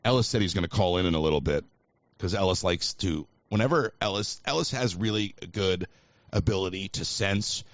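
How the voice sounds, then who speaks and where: A man's voice: sits low, brisk, no echo, lo-fi sound. A man hosting a live call-in show, talking in a rambling, chatty and self-mocking way. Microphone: livestream mic.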